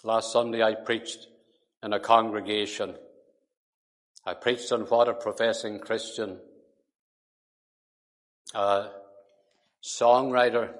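Emphatic preacher in a reverberant hall. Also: male voice. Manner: emphatic, rising to forceful peaks then dropping low; slow, deliberate delivery. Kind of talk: sermon.

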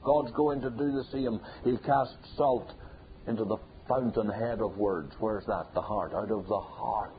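A man preaches with insistent repetition, his voice climbing to forceful loud peaks. The sound is thin and phone-like, with a faint hiss underneath. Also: fairly low pitch, measured pace. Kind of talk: sermon.

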